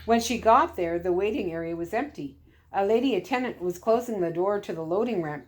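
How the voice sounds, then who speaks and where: A woman storyteller reading chapters of a storybook aloud in a calm, steady way. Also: mid-range voice, brisk.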